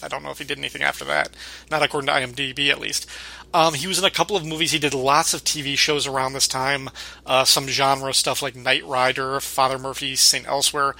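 A man co-hosting a casual podcast, retelling a sitcom episode in an animated way and often laughing. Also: mid-range voice, vocal fry. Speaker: podcast co-host.

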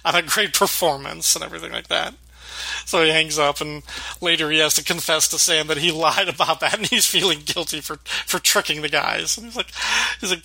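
A man's voice: on the high side, fairly quick, vocal fry, pushed and bright, no echo, low-quality recording. A man co-hosting a podcast, casually retelling sitcom scenes with frequent laughter and acted-out quotes. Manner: laughs often while retelling scenes, acts out quoted lines. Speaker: podcast co-host. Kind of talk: casual podcast chat recapping a sitcom episode.

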